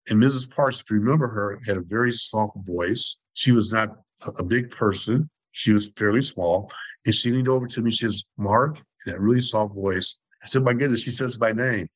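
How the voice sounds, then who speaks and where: A man in his sixties from Detroit, speaking as a guest in a podcast interview. His voice sits low and the recording is dry and close. He tells his stories earnestly and passionately, repeating phrases for emphasis. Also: brisk, no room sound, rough recording. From Detroit, USA. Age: 60s. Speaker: guest, former student body president. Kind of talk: interview storytelling.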